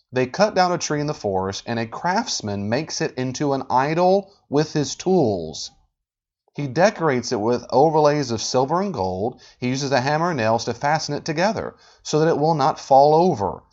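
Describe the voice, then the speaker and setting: A man hosting a podcast, talking with animated, sarcastic exasperation as he rebuts a video. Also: medium pitch. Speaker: podcast host. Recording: dull lo-fi audio.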